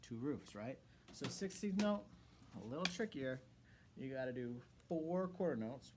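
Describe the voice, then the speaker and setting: Music teacher guy chanting rhythm syllables for kids, average pitch, a little background hiss. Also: animated, unhurried. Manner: encouraging, with rhythm chanting and asides. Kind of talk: lesson for children.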